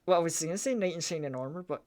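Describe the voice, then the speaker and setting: A man's voice: on the high side, rapid-fire, darkish tone. A man hosts a casual livestream, chatting with a guest. He rambles and hesitates, restarting his sentences and chuckling as he goes. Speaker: streamer host.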